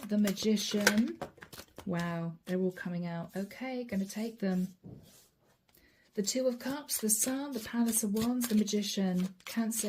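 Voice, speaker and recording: Mellow-voiced woman giving a chatty tarot reading. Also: mid-range voice, a little hiss or hum. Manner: chatty, addresses viewers directly, reads cards aloud. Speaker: tarot card reader. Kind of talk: channeled tarot reading to viewers.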